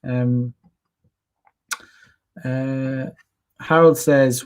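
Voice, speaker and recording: Reading chat comments aloud on his casual stream, this young Irish channel host speaks at normal speed in a voice on the high side. His rant is rambling, blunt, and full of swearing, fillers, and restarts.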